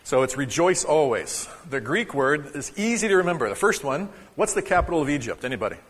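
A man's voice: a little high, sing-song, fairly quick, fairly bright tone, breathy edge, big-room sound. A man preaching a sermon to his congregation in a conversational, joking way, teaching a short lesson. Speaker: pastor. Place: church sanctuary.

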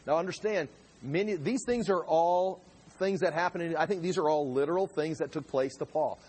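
A man's voice: fairly high pitch, normal speed, darkish tone, husky. A man teaching a conversational sermon as a pastor, explaining scripture verse by verse, often repeating and restarting his words. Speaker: pastor teaching a Bible study.

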